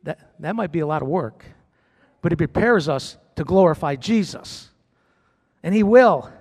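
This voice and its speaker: A man's voice: fairly high pitch, animated, moderate pace, creaky, darkish tone. A man preaching a sermon as pastor in a church, building emphasis through repetition. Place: church sanctuary. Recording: long hall reverb.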